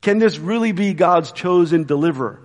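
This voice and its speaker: Guy preaching in a church, kinda high voice, laid back chatty, long reverb. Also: expressive. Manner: casual, conversational preaching with quick asides. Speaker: pastor. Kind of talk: sermon.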